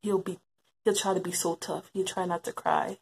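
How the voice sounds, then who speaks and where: A woman's voice: fairly low pitch, fairly even intonation, moderate pace, gravelly, darkish tone, slightly rough. A woman giving emotional personal testimony about her brother, reflective and repeating phrases for emphasis. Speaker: interviewee recalling her brother.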